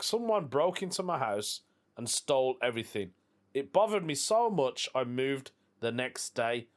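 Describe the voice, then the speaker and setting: Chatty British man hosting a podcast. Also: mid-range voice. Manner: chatty, laughs often, reads listener posts aloud with asides. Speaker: podcast host. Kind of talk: casual solo podcast chat.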